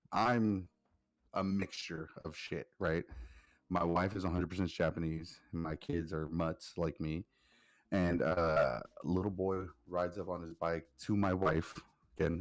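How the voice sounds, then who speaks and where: A man with a very low, deep voice co-hosts a casual podcast, blunt and quick to swear. His stories come out as jokes, and the sound is close and dry with no room around it. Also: dry recording. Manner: blunt, profane, joking. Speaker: podcast co-host. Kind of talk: casual chat.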